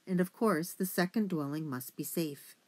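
A woman's voice: on the low side, normal speed, lightly acted. A woman voicing a pompous, self-important elderly male mouse who lectures his huge family in an audiobook. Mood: lecturing. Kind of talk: audiobook character reading.

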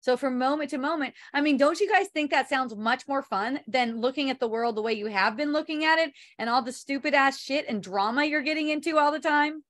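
Give me a loose, rambling woman talking spirituality, laughing often and swearing casually, a bit high-pitched. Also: fairly quick, few pauses, fairly bright tone. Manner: reads viewer comments aloud. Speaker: spiritual teacher hosting an online talk.

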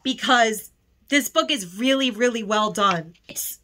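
A woman with a slightly high, sharp voice and lively intonation speaks at a measured pace in her haul video. She chats casually, gushing and occasionally close to tears.

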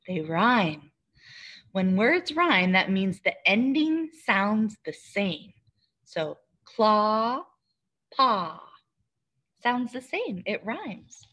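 A woman teacher reads a picture book aloud to small children. She takes her time, and her voice swoops up and down as she hoots the refrains. The tone stays slightly husky throughout. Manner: slow, expressive storytelling with high hooting refrains and questions to listeners. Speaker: preschool teacher.

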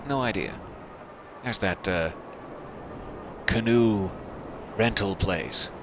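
A man's voice: on the low side, slow pace, pauses often, background noise. A man giving casual let's-play commentary, rambling with self-deprecating asides. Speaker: gameplay commentator.

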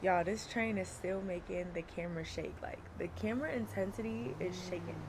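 A woman's voice: on the low side, brisk, background noise. A young woman streaming live, chatting casually, laughing and greeting viewers by name. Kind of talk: casual livestream chat.

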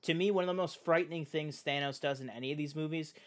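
A man hosting a podcast, chatting casually about films with animated, profane talk full of "like". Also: a little high, quick pace. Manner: animated, profane, heavy use of "like". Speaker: podcast host. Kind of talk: casual film chat.

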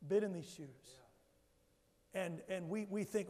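A man's voice: sits high, animated, slow pace, warm tone. A male pastor preaching a sermon emphatically, calling on the congregation to answer back. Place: church sanctuary. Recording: long church hall reverb.

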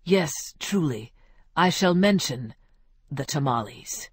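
A woman's voice: sits low, animated, slow, husky, no room sound, clean studio sound, voice pushed down, exaggerated voice. A woman voicing an eloquent, grandiose male biographer who speaks in flowery, effusive phrases.

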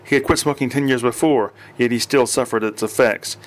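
A man narrating an audiobook with steady reading and occasional slips and restarts. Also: medium pitch, a little fast.

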